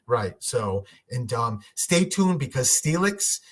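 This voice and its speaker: Husky chatty man hosting a livestream. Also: mid-range voice, big pitch swings, unhurried. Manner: chatty, rambling, many restarts and fillers. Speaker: medium, livestream host. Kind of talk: casual livestream reading for viewers.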